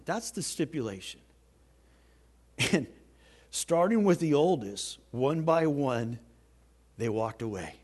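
A man preaching a sermon as pastor, swinging from soft, slow lines to loud, emphatic ones. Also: a little high, sing-song.

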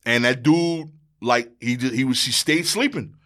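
A young man tells a story as a podcast guest. He talks in quick, slangy runs and keeps the delivery animated. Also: mid-range voice. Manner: animated, slangy, fast-running anecdote. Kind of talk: casual storytelling.

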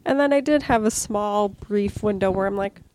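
Woman in relaxed podcast banter. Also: mid-range voice, normal speed, slight background noise. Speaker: podcast co-host. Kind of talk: casual chat.

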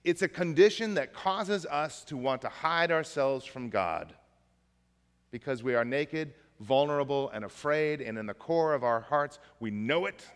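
A man's voice: medium pitch, animated, a little slow, smooth, long reverb tail. A man preaching a sermon as pastor, conversational and folksy, mixing jokes into the message. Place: church.

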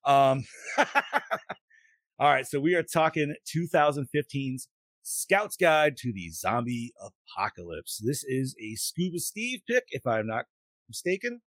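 A man near forty tells stories on his podcast in loose, casual chat. He swears constantly and jumps into lively acted-out quotes. His voice is mid-pitched and sounds dry and close to the mic. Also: a little slow, no room sound. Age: 30s. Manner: profane, animated storytelling with acted-out quotes. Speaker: podcast host.

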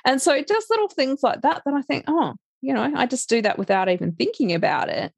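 A woman's voice: sits high, expressive, brisk, creaky, breathy edge, no echo. A middle-aged woman, chatting casually as an interview guest, laughing often and restarting her sentences. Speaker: interview guest, life coach.

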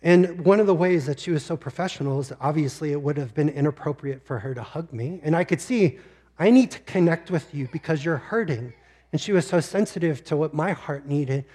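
A male pastor preaching a sermon, telling a personal story with deep emotion and sometimes close to tears. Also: a little fast, few pauses, dark tone, slightly rough.

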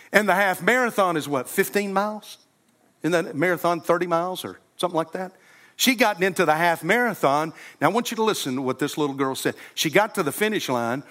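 A man's voice: sits high, bright, forceful tone. A male pastor preaching a sermon, telling a story and then earnestly inviting the congregation to come forward. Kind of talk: sermon with altar call. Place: church sanctuary.

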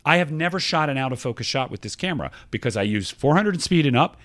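A man co-hosting a podcast, explaining things in casual chat with an animated manner. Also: a little high, fast, no room sound. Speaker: podcast co-host.

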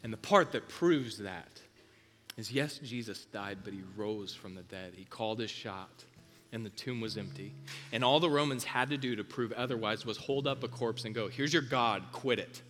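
A man preaching with a low-pitched but sharp, forceful voice. He hammers points through repetition, rising loud and then dropping to near whispers, with faint music playing beneath him. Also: moderate pace. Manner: intense, repetitive emphasis, swings from loud to hushed. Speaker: pastor. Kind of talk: sermon.

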